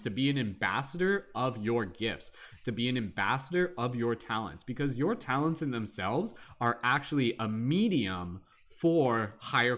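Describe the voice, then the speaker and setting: A man's voice: mid-range voice, fairly bright tone. A young man giving a casual live-stream tarot reading, reading card text aloud and then chatting loosely with lots of "like". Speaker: tarot reader.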